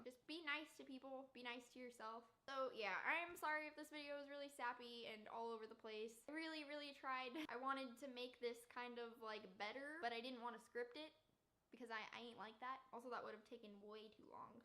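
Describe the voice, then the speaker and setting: Young female vlogger, bright higher voice, earnest and emotional, unscripted talk to camera. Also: brisk.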